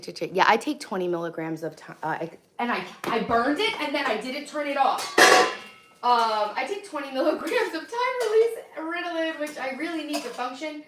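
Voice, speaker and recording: A woman's voice: fairly high pitch, vocal fry, a little hiss or hum. A hungover woman in her thirties chatting bluntly on a live stream from her kitchen, reading out and answering comments. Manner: chatty, blunt, swings between loud and soft, reacts to chat. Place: home kitchen.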